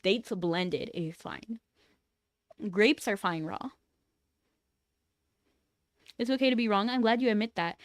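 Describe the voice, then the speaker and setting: Young woman streamer, mid-pitched, playful teasing banter, close and dry. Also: takes it slowly, long pauses, dry recording. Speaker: livestreamer. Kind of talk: casual livestream chat.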